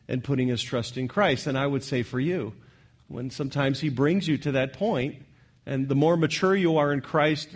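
A man preaching a sermon in a church, earnest, repeating key lines and swinging from loud declarations to soft asides. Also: mid-range voice. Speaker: pastor.

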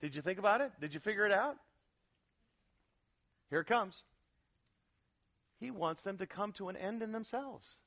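Animated high-voiced male pastor preaching. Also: moderate pace, long pauses. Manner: animated, emphatic, asks the congregation questions. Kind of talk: expository sermon.

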